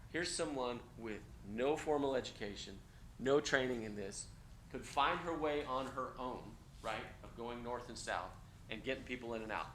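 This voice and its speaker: Energetic male lecturer in an echoey classroom. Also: mid-range voice. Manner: energetic, conversational, frequent "okay?" check-ins. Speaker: college instructor. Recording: echoey classroom with faint noise.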